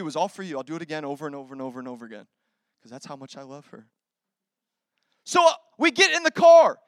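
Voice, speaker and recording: Male pastor preaching, high voice, dry close sound, animated storyteller who swings between loud and hushed. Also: no room sound. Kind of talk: sermon.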